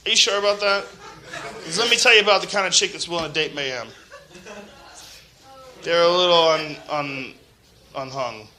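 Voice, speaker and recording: A man with a high, piercingly bright voice runs a casual podcast rant. He swears freely, laughs through his stories and puts on mocking voices for other people. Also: normal speed, long pauses. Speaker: podcast host.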